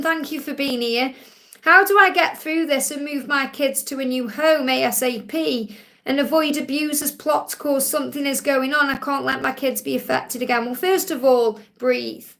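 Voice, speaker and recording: A woman's voice: high voice, moderate pace, a bit bright. A middle-aged woman reading tarot cards on a live stream, reassuring viewers as she reads out their messages and explains what the cards say. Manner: reassuring, reads messages aloud then interprets. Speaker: tarot card reader answering viewer questions.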